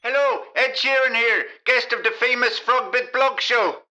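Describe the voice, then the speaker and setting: A cheeky, bragging young pop star, as a man puts him on for a comedy sketch. He blurts out crude remarks without thinking. His voice sits high, with a sharp, very bright edge. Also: normal speed, full character voice. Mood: boastful. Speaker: phone-in guest.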